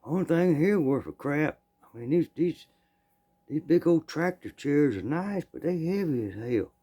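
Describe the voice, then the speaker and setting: Guy doing a bossy thief, higher voice, lazy drawl, dark tone. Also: expressive, moderate pace, slightly rough. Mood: scheming. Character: cocky male thief giving orders.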